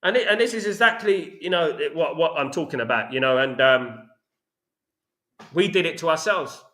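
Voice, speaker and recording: A man's voice: a little high, lively intonation, normal speed, fairly bright tone, roomy sound. A man with a London accent hosting a football channel, ranting about his club in a passionate, repetitive way. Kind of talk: opinionated fan commentary.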